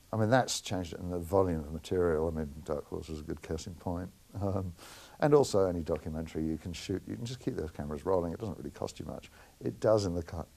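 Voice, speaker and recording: A middle-aged New man speaks in a low voice with a gravelly edge. He answers interview questions as a film editor, frank and full of anecdotes. He often lets out a chuckle. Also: dark tone.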